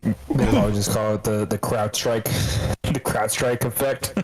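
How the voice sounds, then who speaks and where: A man's voice: on the low side, steady tone, normal speed, a little mellow, poor audio. Profane rambling man telling stories. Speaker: podcast co-host. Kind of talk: casual chat.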